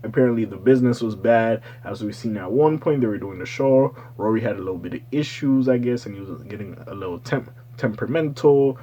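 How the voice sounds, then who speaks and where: A man hosting his own channel, giving loose, profane, rambling casual commentary with slangy asides and sudden excited bursts. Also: on the low side, fairly quick, few pauses. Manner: swings into loud excited bursts. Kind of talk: casual pop-culture commentary.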